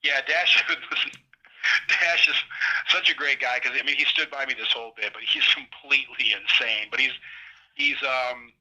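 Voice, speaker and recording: Over a tinny prison phone line, a middle-aged man with a mid-range, slightly slow voice calls in as a guest for a casual storytelling interview. He rambles animatedly through a long story, acting out others' words in quoted voices.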